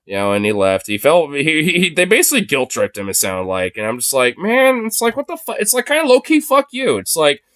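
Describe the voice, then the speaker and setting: A man's voice: a little high, sing-song, brisk, few pauses, a bit bright, no echo, studio quality. A young man ranting casually, rambling with lots of fillers and swearing. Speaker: podcast host. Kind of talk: casual profane rant.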